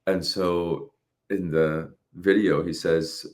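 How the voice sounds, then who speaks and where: A man in his late thirties co-hosting a podcast, talking casually in animated bursts and swearing freely. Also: low voice, moderate pace. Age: 30s. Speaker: podcast co-host. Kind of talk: casual chat.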